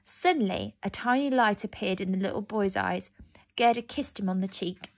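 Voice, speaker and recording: A woman narrating a fairy tale aloud, gentle and expressive. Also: medium pitch, moderate pace. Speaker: storyteller. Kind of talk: storybook narration.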